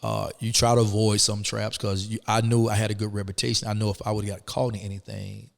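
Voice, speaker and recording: A middle-aged man, a guest telling his story in an animated, emphatic way, full of "man" and "you know what I'm saying". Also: on the low side, fast talker, vocal fry, long reverb tail. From Atlanta, Georgia. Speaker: interview guest. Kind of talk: conversational storytelling.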